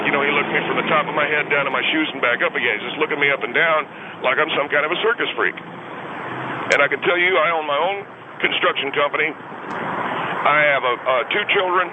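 An indignant man rambles and stammers on a radio call from inside a moving car. His voice sits a little high, and it comes through a tinny phone line with loud road noise behind it. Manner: indignant, stammering, long-winded. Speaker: radio show guest.

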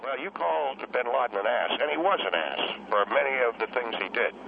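A man voicing a gruff older husband who is a guest on a talk radio show. He grumbles and rambles in a suspicious way. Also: medium pitch, animated, a little fast, phone-quality sound, over a noisy crowd, pitched below the performer's own voice. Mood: grumbling.

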